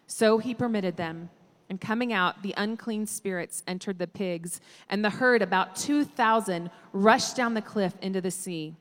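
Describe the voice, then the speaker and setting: A woman giving a steady, measured scripture reading. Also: mid-range voice. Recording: echoey hall.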